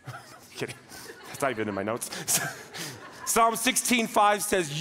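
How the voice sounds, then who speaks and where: High-voiced man preaching in a reverberant church. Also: lively intonation, moderate pace, pauses often, a bit bright. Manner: conversational and joking, acting out little scenes in quoted voices. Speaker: pastor. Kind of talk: sermon. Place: church sanctuary.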